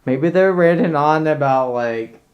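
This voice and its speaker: Man, casual reaction vlog, rambling, swears constantly, excitable. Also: fairly high pitch, unhurried, muffled recording. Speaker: furry content creator.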